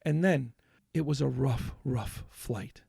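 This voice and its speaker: A man's voice: medium pitch, slow, vocal fry, dark tone, slightly rough, dry recording, studio quality. A man on a podcast, ranting in a worked-up, swearing rush while telling a story in casual chat. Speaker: podcast co-host.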